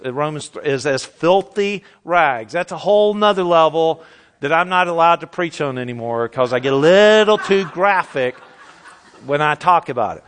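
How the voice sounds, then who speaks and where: Man, pastor, high voice, lively sermon, rhetorical questions. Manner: lively preaching with rhetorical questions, acts out quotes.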